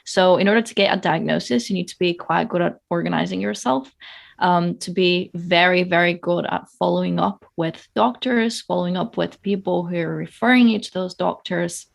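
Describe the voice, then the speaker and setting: A woman's voice: fairly low pitch, steady tone, normal speed, creaky. A woman who works as a coach, a podcast guest explaining her approach thoughtfully with some hesitations. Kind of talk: casual conversation.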